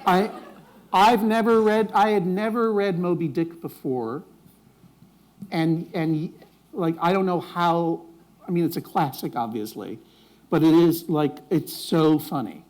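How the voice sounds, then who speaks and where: A man's voice: on the high side, measured pace, a little mellow. A man speaking on stage before a live audience, wry and rambling, often restarting his sentences. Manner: rambling, self-interrupting, wry jokes.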